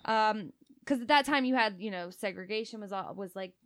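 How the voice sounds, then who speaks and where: A woman's voice: mid-range voice, a little fast. A woman co-hosting a podcast in casual chat, loose and chatty, laughing often. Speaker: podcast co-host.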